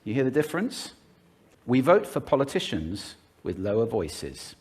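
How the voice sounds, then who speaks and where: A man gives a polished public talk on speaking, his pitch roaming widely as he demonstrates each point. He is animated and demonstrative, speeding up, slowing down and shifting volume to show what he means. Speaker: speaker on voice and communication. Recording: played from a recorded talk.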